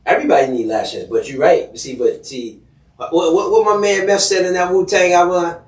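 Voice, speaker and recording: A man's voice: high-pitched, brisk. A man co-hosting a podcast in casual chat, blunt, slangy and profane. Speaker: podcast co-host. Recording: roomy, distant mic.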